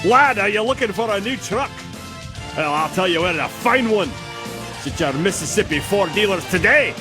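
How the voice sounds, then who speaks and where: A man doing a voice of an angry Scottish man hawking trucks in a radio ad, gruff and brusque. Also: high-pitched, expressive, normal speed, music in the background, pitched above the performer's own voice.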